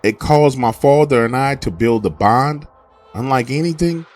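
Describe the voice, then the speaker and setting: A man's voice: medium pitch, moderate pace, darkish tone, soft background music. A man earnestly narrating a true story from his youth in a conversational way.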